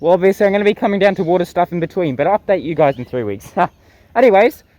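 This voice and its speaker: A young man with a notably high voice talks casually to the camera outdoors in the bush. He giggles often between his phrases, keeping the tone light and chatty. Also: lively intonation, fast, mellow, poor audio. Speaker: vlogger. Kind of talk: casual outdoor gardening vlog.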